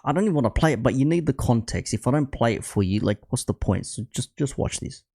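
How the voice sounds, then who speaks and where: A man's voice: mid-range voice, expressive, fast, creaky, dark tone, breathy edge. A man hosting a football channel, ranting bluntly and swearing often. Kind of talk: ranting commentary.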